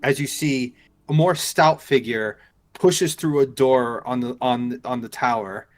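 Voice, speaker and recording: A man's voice: medium pitch, measured pace, soft background music. Rambling male game master. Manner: loose, filler-heavy narration. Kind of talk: narrating a tabletop game live.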